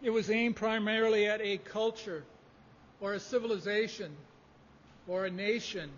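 A man preaching a sermon, measured and emphatic in delivery. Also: sits high, steady tone. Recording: dull lo-fi audio in a reverberant hall.

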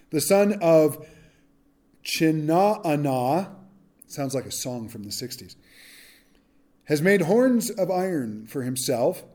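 A man preaching a verse-by-verse sermon, reading scripture aloud and acting out the speakers in casual modern slang. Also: fairly high pitch. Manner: animated, acts out quotes in modern slang. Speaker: pastor. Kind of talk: expository sermon.

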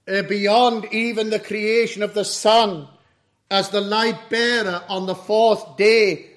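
A man preaching an expository sermon in a measured, solemn way. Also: high voice. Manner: slow, measured, solemn doctrinal delivery.

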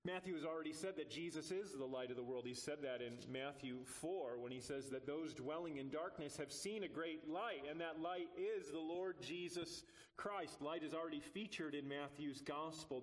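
A man preaching a sermon as pastor, earnest with touches of light humor, building to emphatic rises on key phrases. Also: mid-range voice.

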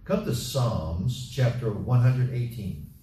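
A man delivers a sermon in a mellow, dark voice, hammering his points home by repeating them. He sounds set back from the microphone in a roomy space with faint ambience behind him. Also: medium pitch, expressive, slow, far from the mic, a little hiss or hum. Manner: repetitive, emphatic exhortation with acted-out party chatter. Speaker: preacher.

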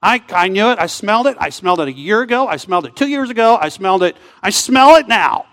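A man with a high-pitched voice preaches a sermon in a church. He swings from loud, emphatic lines to near-whispers. He slows right down and stretches words out to drive a point home. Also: expressive. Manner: dramatic swings from loud to hushed, drawn-out phrases. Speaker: pastor.

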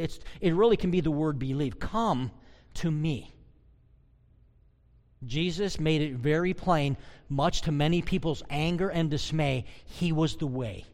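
Emphatic man preaching in a reverberant hall. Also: on the high side. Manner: emphatic preaching, swings between loud and soft. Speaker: pastor. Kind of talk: sermon.

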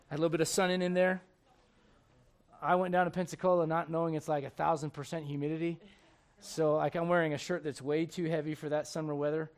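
A man, preaching a sermon in a conversational, storytelling way full of rhetorical questions. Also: on the high side.

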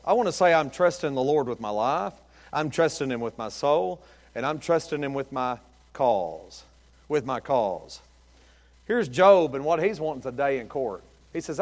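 A man preaching a sermon, rising to shouted emphasis and dropping to quiet, folksy storytelling. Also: a little high, animated, moderate pace.

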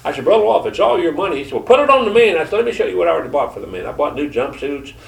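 An older man with a Southern Georgia accent preaching a testimony sermon, telling stories in a folksy, halting way with many fillers. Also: fairly high pitch, sing-song, vocal fry, a little mellow. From Detroit. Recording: echoey room from far off.

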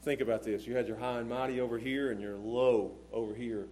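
A man preaching a sermon to a congregation in church, with a repetitive, emphatic cadence, swinging from hushed low tones to shouted emphasis. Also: fairly even intonation, fairly quick, slight background noise. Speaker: pastor. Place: church service before a congregation.

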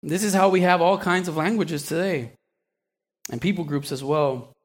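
At a moderate pace and a fairly high pitch, a man gives a conversational sermon. He quizzes his listeners, slips in acted little asides, and keeps restarting and repeating words.

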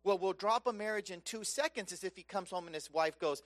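A man preaching a sermon, impassioned and conversational, swinging between loud emphatic peaks and soft hushed lows. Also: brisk. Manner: conversational, casual asides.

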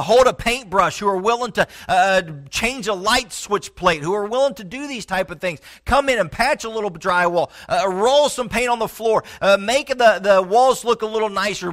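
A middle-aged pastor delivers a sermon in a fairly high voice. He speaks earnestly, with frequent halting restarts. He sinks low and soft on his key points.

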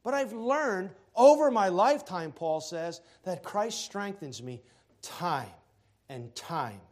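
A man preaching a sermon as pastor, swinging between loud emphasis and quiet asides, with joking remarks. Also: sits high, lively intonation, slow.

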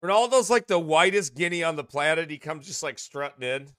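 A man's voice: on the high side, lively intonation, fairly quick, fairly bright tone, no echo, clean studio sound. A man, a pastor, chatting casually on a livestream, laughing often and in a goofy mood, his voice slightly strained.

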